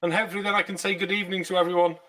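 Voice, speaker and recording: A man's voice: high-pitched, level tone, racing, a bit bright, recorded from a distance. A man hosting a casual live stream, chatty and jokey, swearing freely, a few pints in. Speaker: streamer host.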